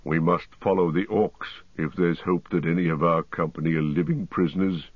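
A man doing a blunt, practical dwarf warrior, deep and direct. The voice pushes forward with urgency, in a dry and slightly muffled audiobook sound. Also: fairly even intonation, moderate pace, no room sound.

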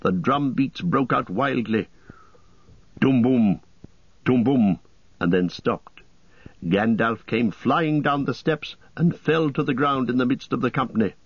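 A man reading an audiobook in a steady, measured narration. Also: medium pitch, slightly rough, no echo. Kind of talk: scripted narration. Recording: dull lo-fi cassette.

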